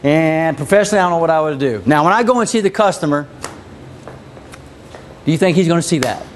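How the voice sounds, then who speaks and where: A man's voice: on the high side, quick pace, slight background noise. A man leading a live sales training, coaching his team with repeated phrases and questions to the room. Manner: energetic, repetitive coaching, asks the audience questions.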